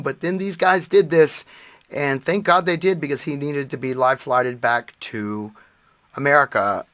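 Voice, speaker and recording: Bright-voiced man telling heartfelt stories. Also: mid-range voice, normal speed, no echo. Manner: earnest storytelling, emotional tribute. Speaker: podcast co-host. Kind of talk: casual chat.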